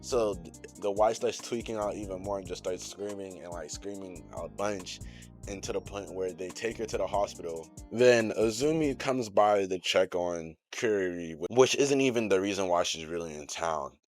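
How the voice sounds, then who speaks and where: Deep-voiced young man, slangy casual recap. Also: normal speed, faint music behind. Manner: loose, slangy and profane, heavy on fillers. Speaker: channel host recapping an anime episode.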